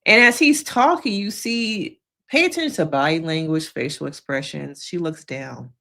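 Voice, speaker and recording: A woman therapist giving casual reaction commentary to viewers, talking directly to them and acting out quotes in high voices. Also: expressive, normal speed, gravelly, sharp tone. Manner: conversational, addresses viewers directly. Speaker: therapist reacting to a reality show.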